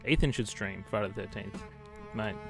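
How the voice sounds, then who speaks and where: A man's voice: fairly low pitch, expressive, moderate pace, music in the background. A man streaming a shooter game, chatting casually with his viewers and calling them mate. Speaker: live streamer. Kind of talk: casual gameplay commentary talking to chat. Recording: loud game gunfire behind voice. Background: battle gunfire and vehicles.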